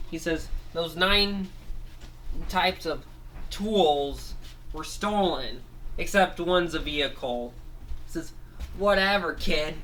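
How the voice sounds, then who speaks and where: A man with a fairly high, bright voice spins an improvised story, stopping to correct himself and switching into quick character voices. He talks slowly and unhurriedly. A faint hiss of noise sits behind him.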